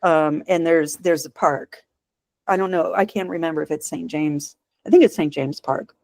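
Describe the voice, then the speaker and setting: A woman's voice: low-pitched, moderate pace, creaky, darkish tone, dry recording. A woman co-hosting a podcast, retelling a TV episode in casual chat and laughing often. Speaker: podcast co-host.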